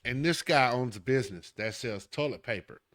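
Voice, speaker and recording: A man's voice: mid-range voice, fairly quick, fairly bright tone. A man with a Southern accent hosting a podcast, delivering an emphatic, heated political commentary rant straight at the listener. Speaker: podcast host.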